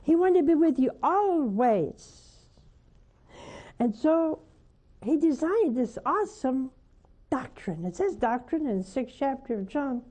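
An older woman, a nun hosting a call-in show, preaching fervently and coaxing callers, her voice often rising to high emphatic peaks. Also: animated, slow pace, warm tone.

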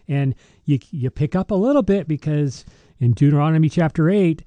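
Mellow-voiced deacon telling stories. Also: male voice, on the high side, expressive, normal speed, no echo. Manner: storytelling, laughs often, restarts sentences. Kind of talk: casual faith podcast chat.

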